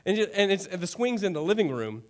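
A man with a notably high voice preaching to his congregation. He talks in an earnest, chatty way, repeats his main points for weight, and checks in with the listeners as he goes. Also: sing-song, fast. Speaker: pastor. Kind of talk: conversational sermon.

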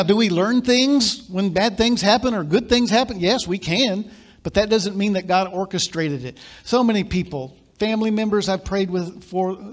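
High-voiced preacher swinging from soft to loud. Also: male voice. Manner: storytelling, swinging from quiet asides to loud emphatic preaching. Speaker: pastor. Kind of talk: sermon. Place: church, preaching live to a congregation.

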